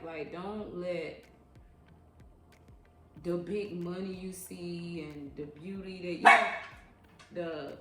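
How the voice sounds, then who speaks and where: A woman's voice: fairly low pitch, fairly even intonation, sharp tone. Frank, emphatic woman telling stories. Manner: slangy, drawn-out repetitions. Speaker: vlogger recounting her years as a club dancer. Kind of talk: casual story time. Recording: echoey room with faint ambience.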